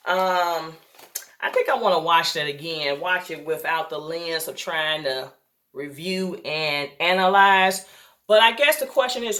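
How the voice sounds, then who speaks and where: A woman's voice: medium pitch, fairly bright tone. A woman casually recapping a TV episode, chatty and loose, acting out the characters' lines with lots of ums and you-knows. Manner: chatty retelling, acting out quotes, frequent um and you know. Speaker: TV recap reviewer.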